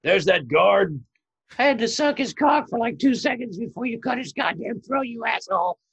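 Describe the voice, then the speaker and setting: A man putting on a high, shrieking voice of an outraged man. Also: lively intonation, moderate pace, vocal fry, a bit bright, breathy edge, full character voice. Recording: dull lo-fi recording.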